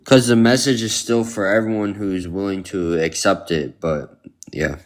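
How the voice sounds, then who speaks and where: Deep-voiced guy on a stream, hesitant, lots of ums, sticking up for his belief. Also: steady tone, moderate pace. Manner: hesitant, lots of ums and restarts while defending his faith. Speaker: believer guest on live stream. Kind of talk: casual live-stream debate.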